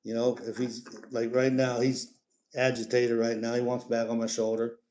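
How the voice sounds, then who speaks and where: A man's voice: medium pitch, monotone, moderate pace, mellow. A middle-aged man, chatting casually on a live stream about his pet parrot and breaking off to talk to the bird.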